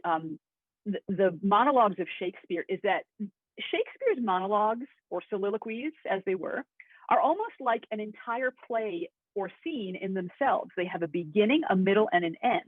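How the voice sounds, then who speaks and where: Woman acting coach, chatty webinar teacher, husky, phone-thin sound. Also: mid-range voice, expressive, normal speed, dry recording. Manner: chatty and enthusiastic, with asides. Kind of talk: webinar lesson. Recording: tinny phone-like audio.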